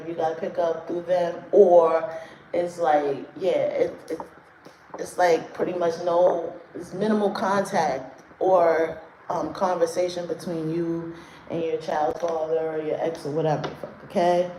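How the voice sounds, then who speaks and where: A woman's voice: fairly low pitch, fairly even intonation, a little slow, dark tone. Woman on a livestream going off at her chat, cussing a lot, blunt, kinda echoey room with a little hiss. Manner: blunt, profane, rants at chat. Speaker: livestream host doing card readings. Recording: roomy echo, faint noise.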